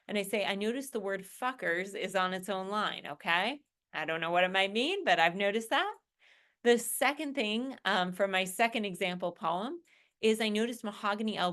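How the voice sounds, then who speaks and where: A woman's voice: medium pitch, a bit bright. A woman college English instructor in a recorded lecture, walking students through an assignment in a conversational way and often checking in with "right?" and "okay?".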